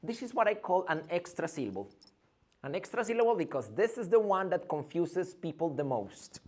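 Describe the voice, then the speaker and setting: Animated man teaching pronunciation. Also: high voice, normal speed. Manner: animated, repeats sounds and words for drill; asks questions and answers them himself. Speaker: English teacher. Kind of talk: online pronunciation lesson.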